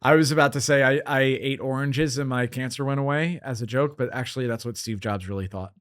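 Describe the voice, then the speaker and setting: A man's voice: mid-range voice, a little fast, a bit bright. A man hosting a podcast in casual chat, rambling and joking with many restarts. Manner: rambling, self-interrupting, joking. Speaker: podcast host.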